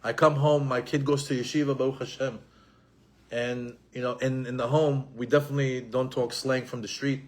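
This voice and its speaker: A middle-aged man giving an animated Torah lesson, repeating himself and mixing in Hebrew terms. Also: mid-range voice, moderate pace. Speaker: Torah teacher.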